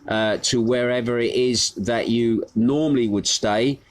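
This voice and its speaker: A man hosting a local news show from his home, talking casually and haltingly with many fillers. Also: mid-range voice, fairly even intonation. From United Kingdom. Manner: rambling, halting with frequent fillers. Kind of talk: casual live news monologue.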